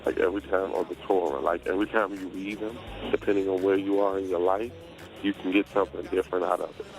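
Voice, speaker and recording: A man's voice: sits low, flat delivery, quick pace, gravelly, faint music behind, low-quality recording. A man guesting on a radio interview as a rapper, speaking bluntly and emphatically with a defiant edge.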